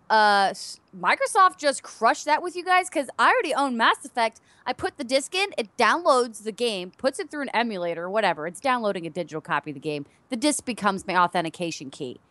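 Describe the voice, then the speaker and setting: A young adult woman co-hosting a casual gaming chat show, animated and given to loud exclamations. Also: a little high, dry recording. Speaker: podcast co-host.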